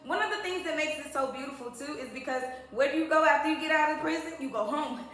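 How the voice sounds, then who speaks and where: A woman's voice: high voice, fast talker, a bit bright. A woman in her thirties giving a chatty, emphatic tarot reading to her viewers. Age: 30s. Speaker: tarot reader. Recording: very echoey room.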